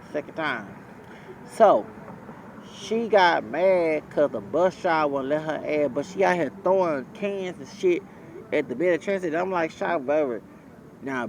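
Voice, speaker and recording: A man's voice: fairly high pitch, vocal fry, slight background noise, poor audio. A man telling a rambling, profane story in a blunt, casual way, recorded outdoors. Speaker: vlogger.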